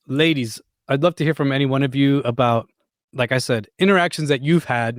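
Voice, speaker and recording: An upbeat man hosts the discussion, encouraging the speakers and inviting them in. His voice has an ordinary middle pitch. The audio is dry and close. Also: no echo. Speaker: host of an audio chat room. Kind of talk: casual chat, moderating.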